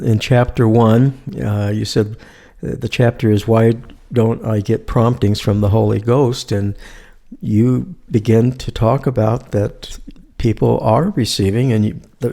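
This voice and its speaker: A male host leads an interview with calm, conversational questions. His voice is low and gravelly, with a dark, mellow tone. He speaks steadily and keeps an easy pace. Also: a little slow. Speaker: podcast host. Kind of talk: casual interview talk.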